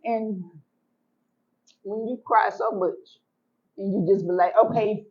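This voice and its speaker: A woman telling her own story as an interview guest, animated and emphatic, repeating words for effect and acting out what she said back then. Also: medium pitch, slow pace, breathy edge, lo-fi sound. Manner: colloquial, acts out her own past words. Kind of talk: emotional personal storytelling.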